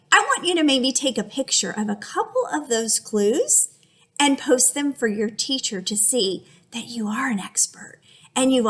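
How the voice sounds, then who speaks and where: A woman teacher giving an animated reading lesson to young children, using an exaggerated, expressive voice. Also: fairly high pitch.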